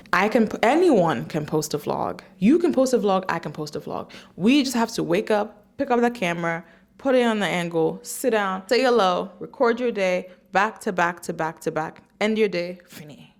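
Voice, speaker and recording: A woman's voice: lowish voice, gravelly. A woman in her twenties, a vlogger, talking casually to camera and sprinkling her speech with "like.". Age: 20s. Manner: chatty, peppered with "like". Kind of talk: casual talking-head vlog.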